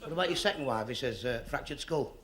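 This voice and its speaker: A man telling stand-up jokes in quick succession, putting on voices for the characters. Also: medium pitch, animated, fairly bright tone. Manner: rapid-fire gags, puts on voices for the characters. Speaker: stand-up comedian. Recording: hissy old TV recording.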